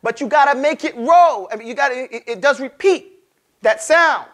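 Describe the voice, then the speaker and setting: A man teaching a Quran recitation class, casually explaining sounds and drilling them by stretching and repeating each one slowly. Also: very high-pitched, a bit bright. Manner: casual, conversational teaching with frequent check-ins. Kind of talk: classroom lesson.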